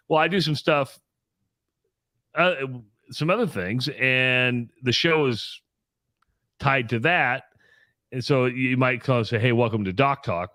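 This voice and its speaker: A man's voice: mid-range voice, fairly bright tone, dry recording, studio quality. A man co-hosting a casual call-in radio show, chatty and laughing often as he tells stories.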